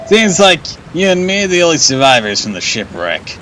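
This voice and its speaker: A man's voice: fairly high pitch, sing-song, a little fast, a bit bright, a little hiss or hum, pitched above the performer's own voice. A man voicing a brash, morbid young male companion in a game, with pushy, cheerfully gruesome talk. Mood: teasing.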